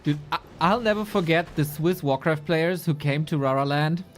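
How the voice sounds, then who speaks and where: A man's voice: fairly high pitch, moderate pace, faint music behind. A man casting a competitive strategy game, casual and playful, bantering with his co-caster and laughing often. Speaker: esports caster.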